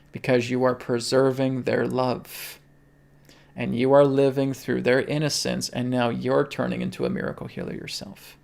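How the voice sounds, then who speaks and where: Gravelly earnest male spiritual teacher. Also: medium pitch, little pitch movement, normal speed, a little mellow. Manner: earnest, pleading, keeps checking in with "okay?". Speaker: host of a spiritual livestream.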